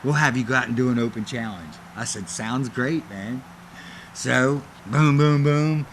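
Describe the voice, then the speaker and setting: A middle-aged former wrestler tells stories in a casual interview, animatedly acting out other people's lines. His voice is mid-range at a measured pace, with background noise in the recording.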